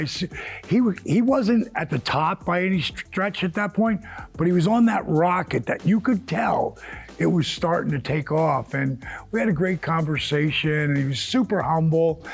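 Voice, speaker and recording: A man who is a former wrestler, telling an animated backstage anecdote in an interview. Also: fairly high pitch, creaky, husky. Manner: lively storyteller who jumps into other people's voices. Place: yoga studio.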